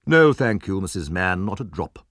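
A man's voice: deep voice, big pitch swings, normal speed, fairly bright tone, no room sound, clean studio sound. A man voicing a fat, self-important male parish official who speaks curtly and pompously.

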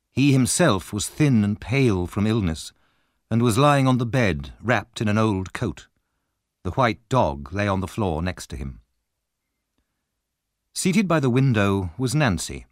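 A man reading a storybook chapter aloud in a measured, expressive way. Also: on the low side, no room sound, clean studio sound. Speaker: audiobook narrator. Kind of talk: scripted storybook narration.

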